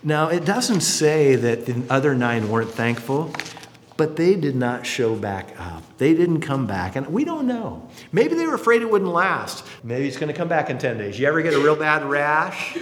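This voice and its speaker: A male pastor delivers a sermon with lively, swooping intonation, slipping into character to act out quotes. His voice sits fairly high. The recording carries the long reverb of a large hall. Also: normal speed. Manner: animated, acts out quotes.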